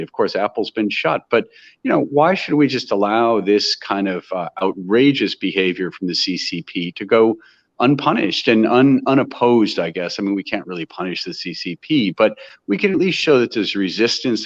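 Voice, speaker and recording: Heard through muffled audio, an American man with a voice on the low side is a guest in a conversational interview. His manner is earnest and impassioned, and he restarts sentences frequently as he makes his point.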